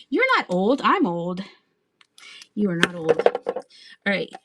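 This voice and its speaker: A woman's voice: on the low side, big pitch swings, slow, very noisy. A woman in her thirties chatting casually while selling items on a live stream, laughing often and talking to viewers. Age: 30s. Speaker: live auction seller.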